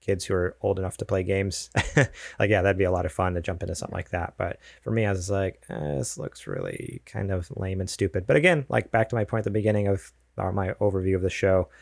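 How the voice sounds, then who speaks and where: A man's voice: low voice, fairly even intonation, fast talker, vocal fry, no echo, clean studio sound. A man co-hosting a casual gaming podcast, rambling and hedging with lots of fillers. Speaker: podcast co-host. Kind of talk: casual chat.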